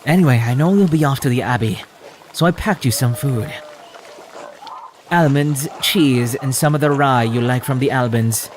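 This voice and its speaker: A man voicing a kind, caring mother by reading her game dialogue in a soft, lowered tone. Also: moderate pace, a little hiss or hum, close to an everyday voice. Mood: gentle.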